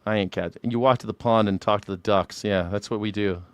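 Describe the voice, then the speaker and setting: A man's voice: lowish voice, steady tone, a little fast, clean tone, dry recording. A man hosting a casual call-in livestream, rambling and profane, boasting about himself in a joking way. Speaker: livestream host taking callers.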